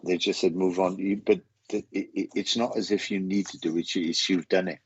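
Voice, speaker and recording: A man giving live psychic readings on a stream, talking haltingly, repeating phrases and getting emotional. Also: deep voice, fairly even intonation, lo-fi sound, a little hiss or hum. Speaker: psychic medium host.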